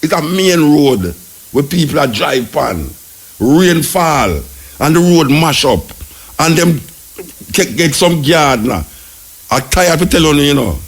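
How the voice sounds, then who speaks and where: Jamaican radio host, gravelly husky voice, higher pitched, impassioned preachy rant. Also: male voice, unhurried. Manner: animated, ranting, preachy. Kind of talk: impassioned talk radio commentary.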